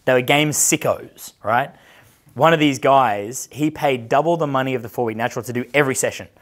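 A male dating coach talks to a room of students in a loose, casual way. He swears freely and laughs at his own stories, at an ordinary pitch for a man. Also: a little fast, fairly bright tone. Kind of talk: casual coaching talk to a live group.

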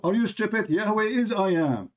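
A man's voice: high voice, lively intonation, normal speed. Blunt, impatient man debating. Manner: blunt, impatient, interrupts often. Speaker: debate host. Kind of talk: heated live religious debate.

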